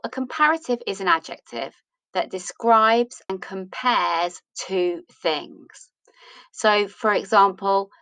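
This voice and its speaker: A woman's voice: mid-range voice, fairly bright tone, no echo, rough recording. A woman teaching English grammar, patiently explaining rules and asking questions that she answers herself. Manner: patient, asks and answers her own questions.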